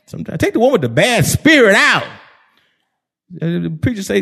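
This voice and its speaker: Emphatic preacher with a high gravelly voice. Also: male voice, big pitch swings, moderate pace, pauses often. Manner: emphatic, swings from hushed to shouting. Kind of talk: sermon.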